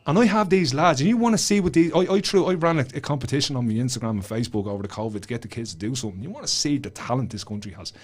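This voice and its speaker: A man's voice: mid-range voice, rapid-fire, hardly any pauses. A man with a Dublin Irish accent, a guest telling stories in casual podcast chat, blunt and swearing freely. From Ireland. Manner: blunt, swears a lot, animated storytelling. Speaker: guest author and school speaker. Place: studio.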